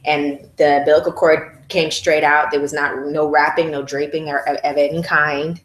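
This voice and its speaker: A woman's voice: deep voice, level tone, moderate pace, reverberant, poor audio. A mother telling her home birth story to a group, candid and profane, acting out her own screams. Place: room at a baby celebration.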